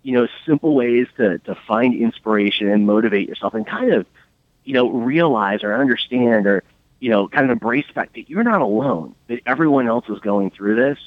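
A man speaking as a radio interview guest, upbeat but halting with many restarts. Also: mid-range voice, no echo, phone-quality sound. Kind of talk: casual interview talk.

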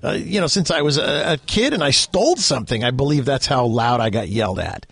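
Lively middle-aged radio host. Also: male voice, mid-range voice, a little fast, vocal fry, husky. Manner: chatty, reads sponsor spots. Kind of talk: radio interview and sponsor reads.

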